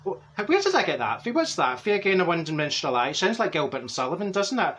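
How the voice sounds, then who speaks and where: In a cheeky comic monologue to camera, a man voices a chatty, plain-spoken older woman from Glasgow, complete with Glaswegian accent, who rambles and laughs through her stories. He talks fast in a slightly high, a bit bright voice with big pitch swings, over slight background noise.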